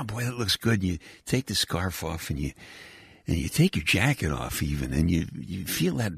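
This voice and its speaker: A man's voice: deep voice, husky, no echo. An older man from Brooklyn, hosting a bedtime podcast and telling a folksy, rambling story with wry humor. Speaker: podcast host.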